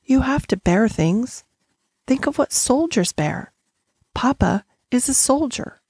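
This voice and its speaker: A woman's voice: on the high side, lively intonation, slow pace, a little mellow, breathy edge, no echo, clean studio sound, voice pushed up, exaggerated voice. A woman voicing a serious, brave and determined little girl who speaks earnestly and steadily in a storybook reading. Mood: resolute.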